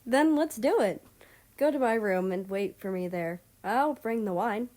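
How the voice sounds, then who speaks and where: A woman's voice: mid-range voice, very animated, normal speed, close to an everyday voice. A woman voicing a charming young male prince in a storybook reading, speaking playfully. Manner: warm, playful, chuckling.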